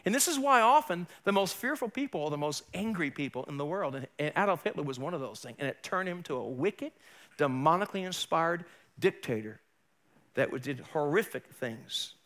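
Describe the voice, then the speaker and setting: A male pastor preaching a sermon in a church, emphatic and building to forceful peaks. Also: fairly high pitch, lively intonation, fairly quick. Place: church sanctuary.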